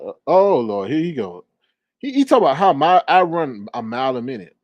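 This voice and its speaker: A man doing casual commentary into a phone at home, sassy and animated, his voice climbing higher when he gets riled. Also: brisk, no echo, highs cut off. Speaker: commentary vlogger.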